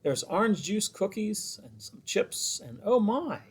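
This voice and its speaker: Expressive man reading aloud to kids. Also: high voice, unhurried, breathy edge. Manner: expressive, chatty asides to children. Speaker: children's librarian. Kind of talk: picture-book read-aloud.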